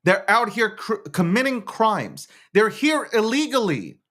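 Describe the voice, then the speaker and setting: A man's voice: high voice, sing-song, unhurried, pushed and bright. A man hosting a show, talking in a casual political rant, swearing, laughing often and restarting his words. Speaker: show host.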